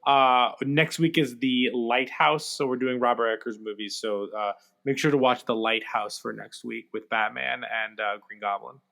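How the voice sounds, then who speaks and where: A man co-hosting a podcast in casual chat, talking in a halting way with many filler sounds. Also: medium pitch, fairly even intonation, vocal fry, sharp tone. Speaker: podcast co-host.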